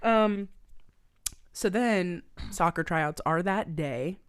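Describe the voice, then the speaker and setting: A woman's voice: fairly low pitch, takes it slowly, clear, resonant tone. A young woman co-hosting a podcast, recapping a movie in casual chat, swearing often and acting out the characters' lines. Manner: swearing, animated, acts out quotes. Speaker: podcast co-host.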